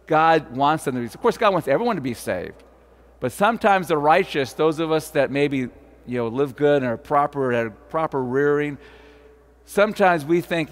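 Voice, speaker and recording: A man preaching to a congregation in a church, with a fairly high voice. He talks in a loose, conversational way, quizzing the listeners and restarting his sentences. The sound carries a long church reverb. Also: lively intonation, moderate pace. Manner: frequent fillers and restarts. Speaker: pastor. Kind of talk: sermon. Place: church sanctuary.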